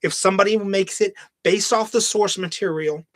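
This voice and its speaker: A man's voice: sits high, normal speed, a bit bright, dry recording. A man hosting a podcast, ranting in casual, heavily profane commentary, now and then mocking film lines in a put-on voice. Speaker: podcast host.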